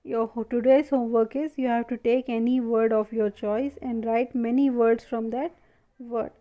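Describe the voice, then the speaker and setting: A woman's voice: fairly high pitch, fairly even intonation, lo-fi sound. A woman teaching a primary school lesson, asking questions and answering them herself. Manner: slow, asks and answers her own questions. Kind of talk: classroom lesson video.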